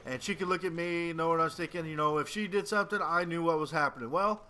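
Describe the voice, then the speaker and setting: A man's voice: a little high, fairly even intonation, fast talker, bright, forceful tone, clear, resonant tone. A man in his late twenties telling a rambling, profane, joking story as casual commentary over a video game. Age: 20s. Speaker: gaming commentator.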